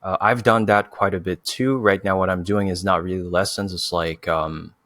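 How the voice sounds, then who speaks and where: A native French speaker hosts a relaxed chat in English, his voice low and steady. He strings thoughts together with likes and you knows. The recording is close and dry. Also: moderate pace, dry recording. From France. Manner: chatty, filler-heavy with many likes and you knows. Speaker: host. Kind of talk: casual conversation.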